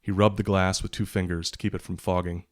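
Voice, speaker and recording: A man reads from his own thriller novel in a low, deep voice. His delivery stays level and even, with little rise or fall in pitch. He sounds steady and measured, like an author sharing a passage on a podcast. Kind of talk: reading fiction aloud. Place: podcast recording.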